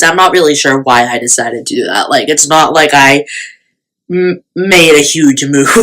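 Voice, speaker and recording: A woman's voice: low-pitched, bright, forceful tone, low-quality recording. A young woman vlogger telling a storytime in casual, chatty talk, full of fillers and self-mocking asides.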